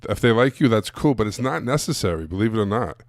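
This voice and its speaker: A man's voice: on the low side, lively intonation, fast, no room sound, clean studio sound. Blunt man teaching sales on a livestream. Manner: blunt, direct, repeats phrases and poses rhetorical questions. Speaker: sales coach. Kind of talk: live-streamed teaching.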